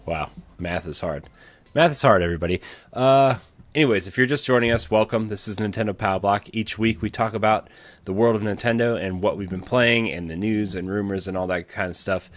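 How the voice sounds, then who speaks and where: A man's voice: on the low side, steady tone, fairly quick, no room sound. A man hosting a casual podcast, talking loosely with lots of fillers and restarts. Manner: rambling with many fillers and restarts. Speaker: podcast host.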